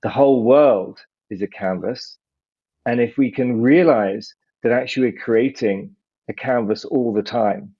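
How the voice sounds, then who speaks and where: Man, podcast guest, philosophical, measured, mid-pitched, lo-fi muffled recording. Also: husky. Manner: measured, philosophical, slows down for emphasis. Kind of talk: reflective interview talk. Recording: muffled lo-fi audio.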